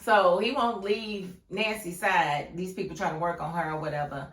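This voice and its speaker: A woman giving a casual, animated recap of a TV episode, laughing often and acting out the scenes in voices. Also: on the low side, normal speed, recorded from a distance. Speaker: YouTube TV reviewer. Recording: echoey room, a bit off-mic.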